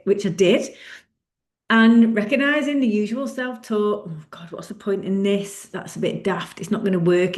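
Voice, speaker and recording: A woman's voice: mid-range voice, a little mellow, roomy sound. A middle-aged woman coach talking candidly and reflectively on a coaching call, often laughing. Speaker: running club coach.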